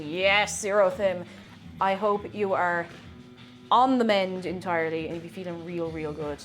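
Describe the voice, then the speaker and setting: A woman's voice: lowish voice, steady tone, a little slow, faint music behind. A woman streamer chatting casually with her viewers while she bakes. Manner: chatty, reading out viewer messages. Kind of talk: casual chat while baking.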